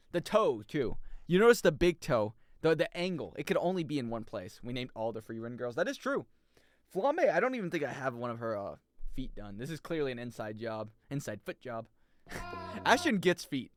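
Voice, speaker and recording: A man's voice: medium pitch, big pitch swings, moderate pace, no room sound, faint music behind. A young man, chatting casually on a gaming stream, joking, swearing freely and rambling. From United States.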